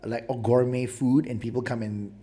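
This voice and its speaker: A man co-hosting a relaxed podcast, talking in a rambling way. He keeps checking in with his co-host, and his voice sits at a middling pitch. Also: normal speed. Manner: chatty, rambling, lots of "right?" and "you know?". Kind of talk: casual chat.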